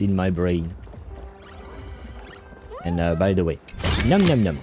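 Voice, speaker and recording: A man hosting a livestream, casually commenting on a game as he plays, chatty and quick to laugh, with occasional swearing. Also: low-pitched, sing-song, mellow, soft background music. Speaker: livestream host playing a game.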